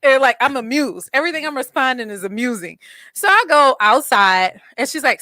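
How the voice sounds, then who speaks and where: A woman hosting a podcast, telling a story in an animated, blunt way, swearing freely and acting out quotes. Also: sits high, moderate pace, dry recording. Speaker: podcast host. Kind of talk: casual storytelling chat.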